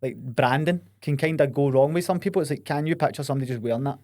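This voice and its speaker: A man's voice: medium pitch, fast talker, a little mellow. A young Scottish man hosting a podcast, chatting casually, swearing and laughing often. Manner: laughs often, swears, says "mate" a lot. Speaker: podcast host. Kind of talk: casual chat.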